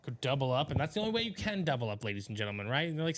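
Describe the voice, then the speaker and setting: A man co-hosting a live stream, energetically pitching to viewers in casual chat. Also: big pitch swings, racing, a bit bright.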